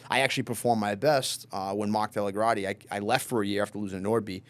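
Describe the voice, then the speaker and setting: A man, a professional fighter, telling stories in a loose, casual podcast interview, swearing freely and filling pauses with fillers. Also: fairly low pitch. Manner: relaxed, loose and profane, lots of fillers.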